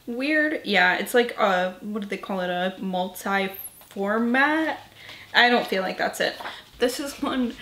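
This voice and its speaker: A woman with a slightly high, somewhat bright voice vlogs about books in an echoey room. Tired and yawning, she chats casually and rambles, swearing offhandedly and peppering her speech with "like" and "um."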